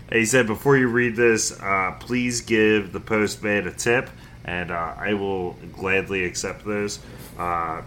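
A man in a low register hosts a laid-back podcast, reading out listener emails between little jokes. His voice is bright and forward, and a faint background hiss sits under it. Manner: reads emails aloud with fillers and jokes. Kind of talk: casual podcast chat.

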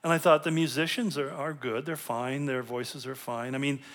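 A man's voice: mid-range voice, fairly even intonation, normal speed, a bit bright. A male pastor giving a conversational sermon, telling stories with light humor and often restarting and repeating words as he builds a point.

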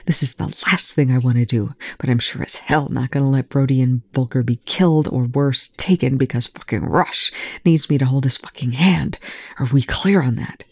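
A reader voicing a weary, wounded male military commander who rasps and growls his terse lines, in a fan fiction audiobook. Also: mid-range voice, moderate pace, no room sound, clean studio sound, close to an everyday voice. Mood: angry. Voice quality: rasping, growling.

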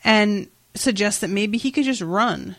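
A woman co-hosting a casual comic-book podcast, recapping a story in an animated way with frequent swearing and laughter. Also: medium pitch, measured pace, no echo. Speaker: podcast co-host.

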